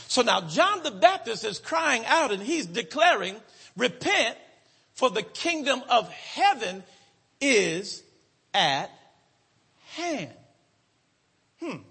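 A man preaching a sermon in a church, with a rhythmic cadence, drawn-out emphatic words and frequent calls to the congregation. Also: very high-pitched, gravelly, bright, forceful tone, slightly rough. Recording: long hall reverb.

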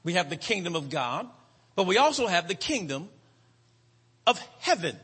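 A man preaching a sermon in a church, with a rhythmic cadence, drawn-out emphatic words and frequent calls to the congregation. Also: sits high, very animated, fairly bright tone, slightly rough. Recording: long hall reverb.

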